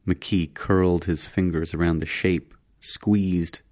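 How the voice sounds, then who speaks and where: A man narrating an audiobook story in a measured storytelling manner. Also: low-pitched, fairly even intonation, darkish tone.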